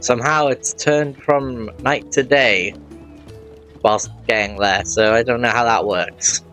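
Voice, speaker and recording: A man's voice: medium pitch, steady tone, measured pace, fairly bright tone, soft background music. A man giving casual let's-play commentary, rambling and often correcting himself mid-sentence.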